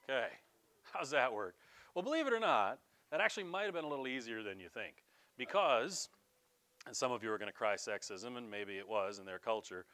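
A man's voice: mid-range voice, brisk. A male pastor preaching a sermon in a conversational style, speaking directly to the congregation. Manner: conversational, animated, addresses listeners directly.

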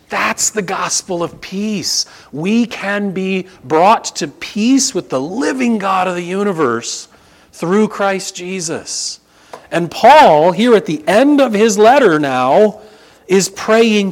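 Animated male preacher. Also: high-pitched, slow pace. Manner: animated, emphatic, conversational. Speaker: pastor and religion teacher. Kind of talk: expository sermon.

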